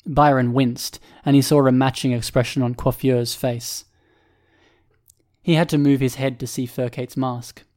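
The voice belongs to a man of medium pitch narrating an audiobook, his scripted delivery measured and level throughout.

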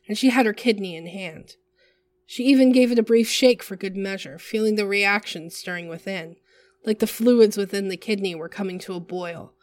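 A woman narrating a work of fiction in a measured, vivid storytelling manner. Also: medium pitch.

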